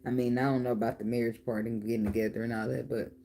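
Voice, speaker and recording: A woman's voice: extremely low pitch, little pitch movement, fast talker, dark tone, a little hiss or hum. A middle-aged woman giving a casual tarot reading, joking and swearing freely with frequent laughs. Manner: profane, laughing, playful banter. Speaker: tarot reader.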